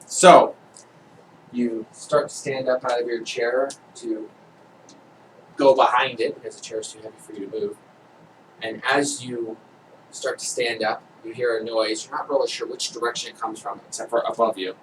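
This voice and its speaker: A man narrating a tabletop role-playing game as game master, describing scenes slowly with frequent hesitations. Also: mid-range voice, fairly even intonation. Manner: slow, hesitant description with fillers. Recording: distant mic with faint background noise.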